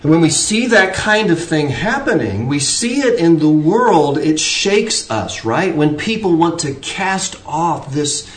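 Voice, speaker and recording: A man's voice: a little high, sing-song, unhurried, few pauses. Guy giving a sermon, earnest, kinda far off the mic, echoey church room. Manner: earnest preaching with varied emphasis and repeated restarts. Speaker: pastor. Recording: roomy, distant from the mic.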